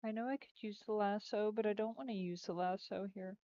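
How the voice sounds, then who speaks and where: A woman's voice: mid-range voice, steady tone, brisk, warm tone. A woman game developer chatting casually during a livestream as she works, giggly and rambling. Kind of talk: casual chat while working on a livestream. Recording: dull lo-fi stream audio.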